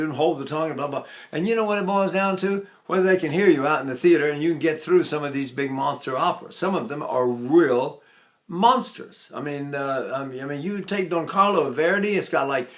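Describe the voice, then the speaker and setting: A man's voice: on the high side, a bit bright. An older man teaching singing, chatting casually and breaking into sung syllables to demonstrate. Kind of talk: vocal lesson with sung demonstrations.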